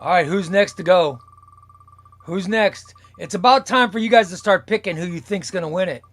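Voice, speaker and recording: A man's voice: high-pitched, moderate pace, a bit bright. A man hosting a live comics stream, playfully calling out giveaway names one by one. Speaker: comic channel host.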